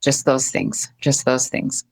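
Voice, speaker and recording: A middle-aged woman with a very deep, low voice talks earnestly in an interview. She speaks gently and circles back to repeat her phrases. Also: steady tone, takes it slowly, vocal fry. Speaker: guest. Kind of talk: heartfelt interview talk.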